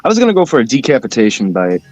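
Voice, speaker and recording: Man, player, relaxed, joking, casual swearing, faint music behind. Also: mid-range voice, very fast. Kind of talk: casual tabletop game chat.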